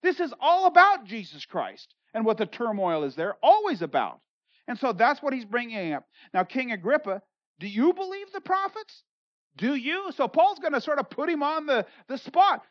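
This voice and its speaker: A pastor works through a scripture passage verse by verse and puts each line into everyday words. The delivery is animated, and when the pastor acts out a quoted speaker, the voice jumps in pitch and loudness. The sound is dull and lo-fi, with a dry, close feel. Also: normal speed, no echo. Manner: conversational, paraphrases in everyday words. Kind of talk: expository sermon, reading and explaining scripture.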